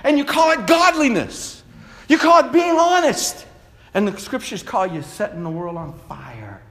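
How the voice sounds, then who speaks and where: A middle-aged male pastor preaching a sermon, rising to shouts and dropping low for emphasis. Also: sing-song, normal speed. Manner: preachy, builds to shouts then drops low.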